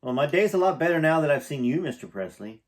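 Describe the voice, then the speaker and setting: A man's voice: fairly high pitch, very animated, fast talker, voice pushed up. A man reading the lines of an earnest, grateful man who is down on his luck.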